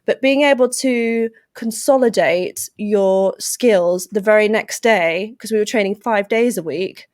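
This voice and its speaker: A young woman from England with an English accent, chatting lively and playfully as a podcast guest. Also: mid-range voice, a little slow, hardly any pauses, no room sound, clean studio sound. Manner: lively, playful, puts on silly voices. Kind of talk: casual interview chat.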